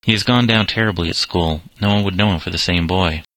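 A hurt, defensive schoolboy from a storybook, as a man reads him. The voice stays deep with a bright edge. It is dry and close to the mic. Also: fairly quick, dry recording.

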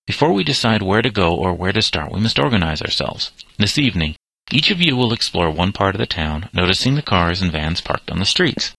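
A man's voice: low voice, sing-song, fairly quick, creaky, pushed and bright, dry recording, full character voice. A man reading aloud, voicing a cocky teenage boy who leads a gang, with a bossy, sneering manner.

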